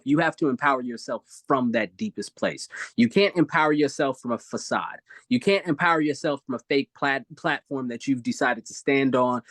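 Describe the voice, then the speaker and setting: A man's voice: on the high side, no room sound. A man speaking expressively on a live video-call talk show, giving emphatic motivational advice.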